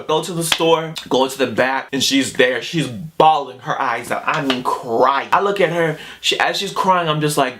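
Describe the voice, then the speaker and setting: A young man casually telling a personal story in an animated, emphatic, slangy way. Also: mid-range voice, normal speed, hardly any pauses, soft background music. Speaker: vlogger.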